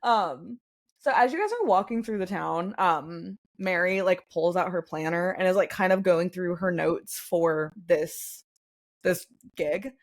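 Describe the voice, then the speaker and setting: A woman's voice: fairly low pitch, unhurried. A young woman narrating as game master, rambling with many fillers and giggles.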